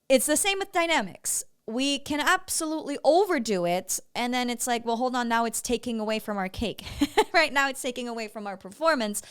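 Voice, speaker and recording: A woman's voice: on the high side, fairly bright tone, smooth. A woman vocal coach giving feedback on a student's singing, breaking into short sung syllables to demonstrate. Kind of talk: vocal evaluation commentary.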